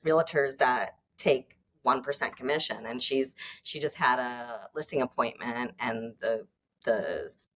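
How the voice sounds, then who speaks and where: A woman's voice: a bass voice, a little slow, a bit bright. A woman co-hosting a casual podcast, telling stories with quoted voices and frequent laughs. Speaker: co-host.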